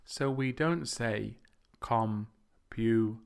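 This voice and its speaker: Slow, gravelly man teaching word stress. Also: mid-range voice, expressive, fairly bright tone. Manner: slow, deliberate, exaggerates syllables, playful with light laughs. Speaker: podcast host teaching English. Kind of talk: language lesson on word stress.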